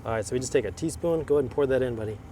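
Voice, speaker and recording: A man's voice: mid-range voice, very fast, mellow, slight background noise. A man and father demonstrating a simple recipe at an outdoor tailgate, explaining in an easygoing way. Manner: easygoing, laid-back explaining. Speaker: tailgate cook guest, father. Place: outdoors at a stadium parking lot tailgate.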